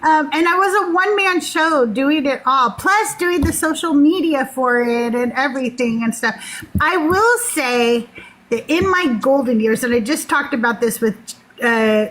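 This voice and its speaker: A woman with a high voice tells a personal story in casual podcast talk. She is animated and laughs often. Faint noise hums behind her. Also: measured pace, low-quality recording. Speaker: podcast guest.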